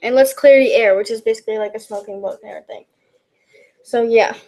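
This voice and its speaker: A woman's voice: fairly high pitch, fast, a little mellow. A woman reading out questions and answering them in a casual, rambling way, full of fillers and restarts. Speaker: YouTube backyard wrestling commentator.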